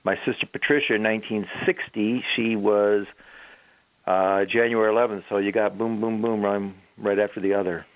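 A man's voice: on the low side, steady tone, moderate pace, poor audio. A man in his seventies, a theologian guest on a call-in radio show, speaking in a rambling, digressive way. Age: 70s.

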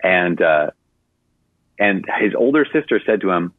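A man's voice: deep voice, expressive, a little slow, long pauses, dry recording. A man, a Catholic priest, answering a caller on a radio show and telling stories in a conversational way, with many fillers. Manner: conversational storytelling with frequent fillers. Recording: narrowband radio broadcast sound.

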